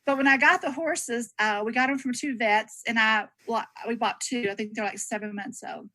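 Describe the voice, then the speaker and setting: Older Southern woman, bright and a touch high, chatty and anecdotal, dry call audio. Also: fairly even intonation, normal speed, dry recording, poor audio. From Texas. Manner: chatty, storytelling, laughs easily. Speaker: registered nurse sharing testimonial. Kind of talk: casual chat on a group call.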